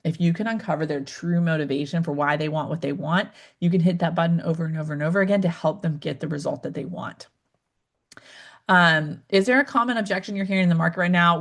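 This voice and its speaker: A woman coaching new real estate agents in a live online session, addressing viewers directly and acting out client conversations with lively swings in her voice. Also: fast talker. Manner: upbeat, acts out client dialogues with big pitch swings; addresses viewers directly, asks them to type in chat.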